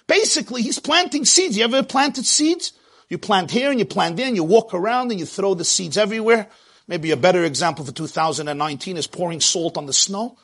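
A man's voice: high-pitched, expressive, fairly quick, a bit bright, husky. A man giving a sermon in a dramatic delivery that rises and falls, quoting Hebrew verses.

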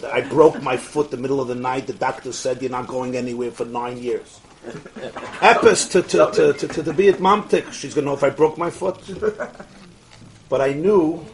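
A man giving an animated storytelling sermon, acting out the dialogue and often laughing. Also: mid-range voice. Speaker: rabbi lecturing.

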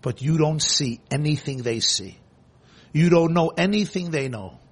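A man giving an impassioned sermon, repeating phrases and swinging between hushed and loud delivery. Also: fairly high pitch, expressive, a little slow, husky.

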